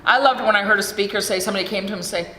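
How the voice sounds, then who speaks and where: Speaking very fast in a mid-range voice that's pushed and bright, a middle-aged American woman gives a frank, profane recovery share. The podium mic picks up the echo of a large hall along with faint room noise.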